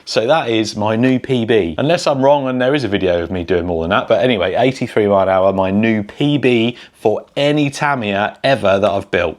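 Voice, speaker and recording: A man's voice: medium pitch, darkish tone. A man giving an enthusiastic, chatty recap to camera in a casual vlog. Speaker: RC car vlogger.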